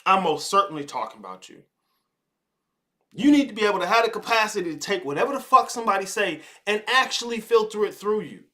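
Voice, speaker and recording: Blunt, swearing man with a high, bright voice. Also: sing-song. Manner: blunt, swearing, mocking, mimics others in quick asides. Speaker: host of a live spirituality advice show. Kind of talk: profane casual monologue.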